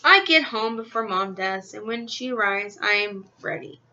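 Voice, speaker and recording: A woman's voice: a little high, animated, normal speed, sharp tone, highs cut off. A woman reading a children's book aloud in the first person, expressively, into a webcam microphone. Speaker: reader. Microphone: built-in computer webcam mic.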